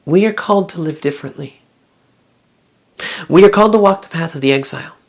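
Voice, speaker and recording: A woman's voice: low-pitched, a little fast, a little mellow. A woman giving a devotional Bible talk in an earnest, reflective way, asking her listeners one question after another. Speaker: Bible teacher.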